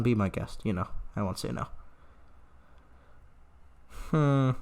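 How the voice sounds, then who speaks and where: A gaming channel host with a voice on the low side gives playful, sarcastic let's-play commentary on a strategy game. He slips into drawn-out mock grief and quick asides to his viewers.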